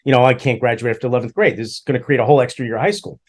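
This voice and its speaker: A man's voice: medium pitch, racing. A middle-aged man co-hosting a podcast, telling stories from his school days in a joking, self-deprecating way and acting out the people he quotes. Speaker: podcast co-host. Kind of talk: casual storytelling chat.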